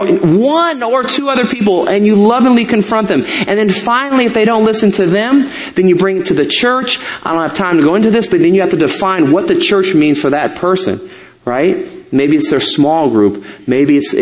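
A middle-aged man, a pastor, preaching a sermon in a conversational way, with asides and self-corrections. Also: on the high side.

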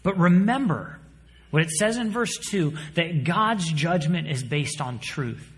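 A man in his thirties preaching a sermon, telling stories with animated energy and dropping to a quiet, earnest tone for his points. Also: fairly high pitch, measured pace, long reverb tail. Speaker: pastor.

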